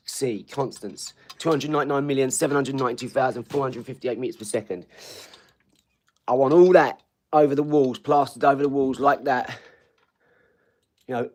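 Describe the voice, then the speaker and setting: Broadcasting casually from the front room of his house, a forties-aged man talks to viewers in a medium-pitched, slightly mellow voice. His style is blunt and meandering, with plenty of swearing.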